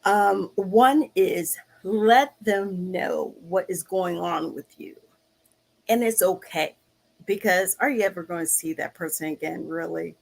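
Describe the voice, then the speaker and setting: A woman talking casually to her viewers, slow and searching, often restarting her sentences. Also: fairly low pitch, gravelly. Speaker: vlog host. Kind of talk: casual personal talk to camera.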